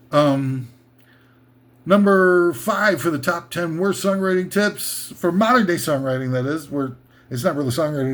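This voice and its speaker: A man hosting a comedy list show, delivering a rambling sarcastic rant full of "you know" and "uh" fillers. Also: on the high side.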